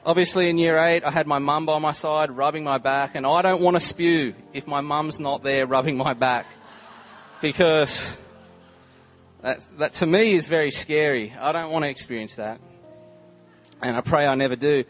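Young Australian man preaching casually with a somewhat high voice. He spins a funny, rambling anecdote full of fillers, and faint music plays underneath. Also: normal speed, a bit bright. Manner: chatty, humorous storytelling with many "like" and "um" fillers. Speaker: visiting preacher. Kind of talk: casual testimony in a sermon.

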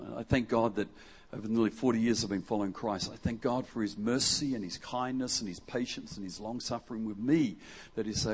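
Husky man preaching a lively sermon. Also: fairly low pitch, brisk. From Western Australia. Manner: jokey and conversational, acts out quotes. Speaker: guest preacher. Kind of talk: lively sermon with audience interaction. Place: church hall before a congregation.

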